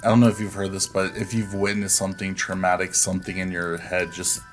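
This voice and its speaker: A man's voice: low voice, completely flat delivery, fairly quick, faint music behind. A man telling a personal story as a podcast guest, in a laid-back, profane way. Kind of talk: casual storytelling.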